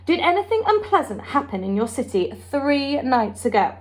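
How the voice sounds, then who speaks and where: A woman reading the part of a brisk, commanding queen, speaking in a regal, clipped way. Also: sits high, very animated, voice pushed up.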